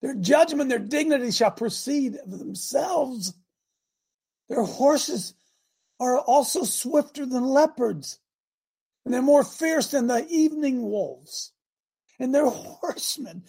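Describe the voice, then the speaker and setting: A man hosting a preaching broadcast, reading scripture aloud and breaking into fiery, animated asides. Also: extremely high pitch, unhurried, gravelly, husky. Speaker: radio preacher host.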